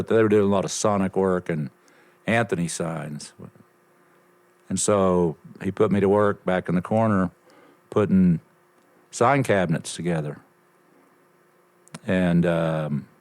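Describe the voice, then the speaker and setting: An older man telling a lively story as a podcast guest, swearing freely and acting out bits of conversation. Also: deep voice. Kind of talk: casual storytelling.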